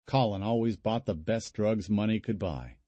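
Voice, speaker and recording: Male audiobook narrator; husky, warm low voice, dramatic and expressive reading. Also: moderate pace, no echo, highs cut off.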